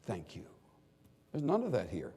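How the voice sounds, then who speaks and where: An older man preaching a sermon in earnest, animated tones, now and then acting out pleading quoted voices. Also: fairly low pitch, normal speed, slightly rough. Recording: long reverb of a large hall.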